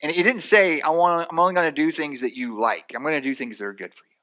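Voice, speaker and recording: A male pastor preaching with a bright, forceful tone and a slightly raised pitch. He talks conversationally, stumbling over and repeating words, and slips into little acted-out quotes as he goes. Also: quick pace. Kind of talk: sermon.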